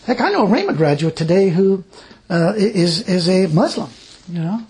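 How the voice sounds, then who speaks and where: A man's voice: high voice, lively intonation, normal speed, a little mellow, a little hiss or hum. A man preaching a sermon, telling stories in a folksy, chuckling way. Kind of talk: sermon with personal storytelling.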